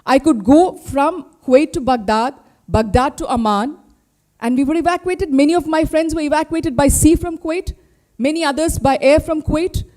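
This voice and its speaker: A woman's voice: sits high, normal speed, mellow. Indignant Indian woman at a press conference. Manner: indignant, rhetorical questioning. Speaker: party spokesperson.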